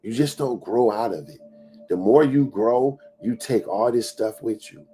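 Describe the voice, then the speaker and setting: A man's voice: measured pace, mellow. A middle-aged man giving an emphatic motivational talk, repeating phrases for emphasis and sometimes dropping to a whisper. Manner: emphatic preaching with repetitions; drops to a low whisper acting out inner doubts. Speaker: motivational speaker.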